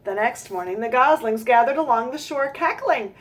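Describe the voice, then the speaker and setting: Storytime lady reading a kids book, super expressive, high voice, asks the kids questions. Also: noisy background. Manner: expressive, pauses to ask listeners questions and comment. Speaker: children's storytime reader. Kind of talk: animated picture-book read-aloud.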